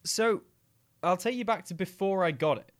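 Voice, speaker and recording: A man's voice: high voice, normal speed. A man co-hosting a podcast, chatting casually with playful, jokey banter. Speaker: podcast co-host. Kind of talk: casual chat.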